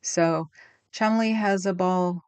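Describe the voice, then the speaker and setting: Middle-aged woman livestreamer from California, lowish voice, rambling casual chat, laughs a lot, close dry mic at home. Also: fairly even intonation, slow, a little mellow, clear, resonant tone, no room sound. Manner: chatty, rambling, laughs often. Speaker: livestream host. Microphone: desk microphone.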